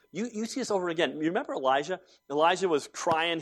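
A man's voice: a little high, quick pace, hardly any pauses. A man in his forties preaching a sermon, telling stories conversationally and building to emphatic points. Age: 40s. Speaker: pastor.

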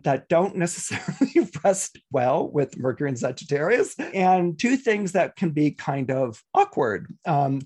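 Middle-aged man, astrologer, slightly husky, fairly high voice, casual rambling horoscope talk. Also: a little mellow. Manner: chatty, repetitive, many fillers and restarts.

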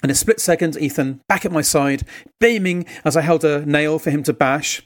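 A man's voice: fairly high pitch, fairly quick. A man preaching a sermon, telling a family story in a conversational, earnest way. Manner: earnest, exhortative.

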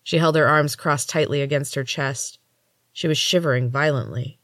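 A woman's voice: sits low, moderate pace, fairly bright tone, no room sound. Woman reading a novel aloud, dry sound. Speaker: storytelling podcast host. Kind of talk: first-person novel reading.

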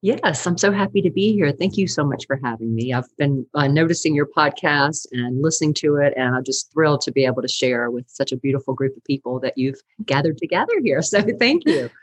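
A middle-aged woman, a counselor and teacher, telling her story in an animated, chatty way during a podcast interview, laughing often. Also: deep voice, brisk, few pauses, slightly rough, no echo, poor audio.

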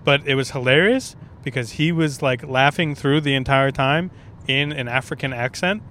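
A man's voice: mid-range voice, normal speed, bright, forceful tone, a little hiss or hum. Profane rambling man podcasting on the road. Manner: rambling, profane, laid-back. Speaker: stand-up comedian and podcaster. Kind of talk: casual solo podcast monologue.

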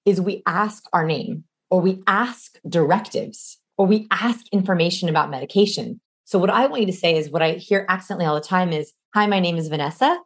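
A woman's voice: on the low side, fairly quick, hardly any pauses, breathy edge. A young adult woman, a guest expert on communication, explaining energetically in an interview. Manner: energetic, demonstrates voices mid-sentence. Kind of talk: animated interview explanation with vocal demos.

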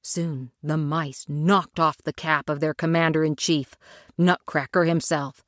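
A woman narrating a children's story aloud with expressive, dramatic delivery. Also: deep voice, a little slow, dry recording, studio quality. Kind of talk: storybook reading.

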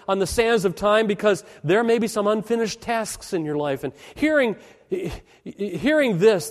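A high-voiced man preaching a sermon in a church hall. His delivery rises and falls dramatically as he repeats phrases. A long reverb trails each line.

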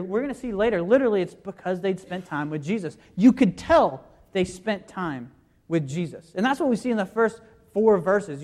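Mid-sermon, a preacher walks the congregation through scripture verse by verse, guiding listeners through the references. The voice is at an ordinary middle pitch with a darkish tone, explaining carefully and often pausing to pose rhetorical questions before answering them.

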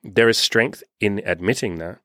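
A man's voice: lowish voice, moderate pace, a bit bright, dry recording, clean studio sound. A young man coaching on dating in a loose, unscripted monologue, cursing freely and acting out what people say. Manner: loose and unscripted, swears freely, acts out quoted voices. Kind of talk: casual podcast monologue.

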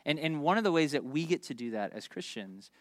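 A man in his thirties preaching a sermon, animated and jokey, telling stories with quick asides. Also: a little high, dry recording. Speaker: pastor.

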